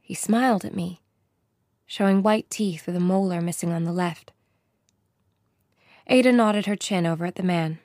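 A woman's voice: medium pitch, moderate pace, long pauses, darkish tone, no room sound. Woman narrating in a dry studio. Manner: plain first-person storytelling. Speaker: audiobook narrator. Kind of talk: scripted narration.

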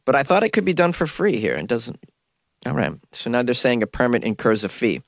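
A man's voice: mid-range voice, very animated, fairly quick, no echo, studio quality. A man with a cold reading news items aloud and mocking them in wry comic commentary. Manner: wry, mocking asides between read-outs. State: has a cold. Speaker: host.

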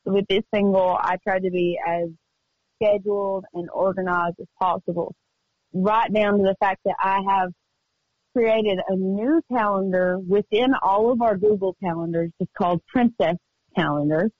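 A woman singer-songwriter chatting as a guest in a radio interview, telling stories in an upbeat, quick way. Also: mid-range voice, fairly even intonation, no room sound, narrow, tinny audio. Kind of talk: casual radio interview chat. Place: remote call from home studio.

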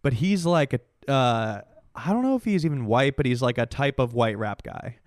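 A man's voice: mid-range voice, lively intonation, normal speed, dry recording, clean studio sound. A man co-hosting a casual podcast, teasing his friend with crude banter. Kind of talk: casual chat.

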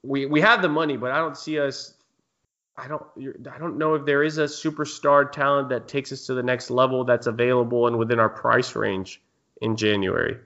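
A man's voice: medium pitch, steady tone, brisk, a bit bright, highs cut off. A man hosting a casual sports podcast, chatting and reading listener questions. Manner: conversational, reads listener questions. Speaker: podcast host.

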